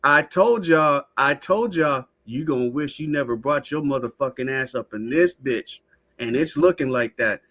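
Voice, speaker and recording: A woman co-hosting a podcast in casual chat, profane, blunt and animated. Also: very deep voice, moderate pace. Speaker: podcast co-host.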